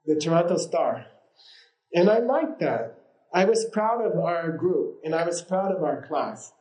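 A man with a slightly high voice teaches a class in a loose, rambling way, full of fillers, side stories and easy laughter. His voice carries a noticeable room echo, as if he is speaking in a roomy indoor space. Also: animated, measured pace, darkish tone. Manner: rambling and informal, many fillers, laughs easily. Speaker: yoga and meditation teacher. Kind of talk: casual teaching talk with anecdotes.

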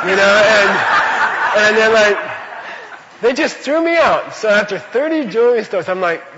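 A man's voice: high voice, expressive, normal speed, heavy background noise. A man giving an informal spiritual teaching, rambling and chatty, often saying "you know" and telling stories. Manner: laughs while telling stories. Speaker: Buddhist teacher. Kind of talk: informal spoken teaching with anecdotes. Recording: reverberant hall, dull lo-fi sound.

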